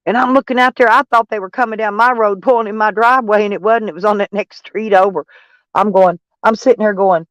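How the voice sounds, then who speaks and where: A man from Arkansas with a Southern drawl chats on a live stream, rambling through viewer comments and poking fun at himself. His voice sits high for a man and comes across smooth and polished. The sound is dry and close, with no room echo. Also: fairly even intonation, brisk. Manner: rambling, joking and self-mocking, breaks into laughs.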